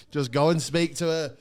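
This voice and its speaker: A podcast co-host tells a rambling anecdote packed with fillers, restarts and swearing, laughing mid-sentence as he goes. His voice is a little high, and the recording is very noisy.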